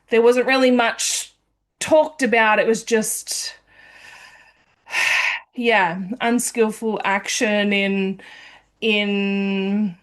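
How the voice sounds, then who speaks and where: A woman's voice: on the high side, fairly bright tone. A woman hosting a podcast, telling a personal story in a candid, meandering way. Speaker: podcast host.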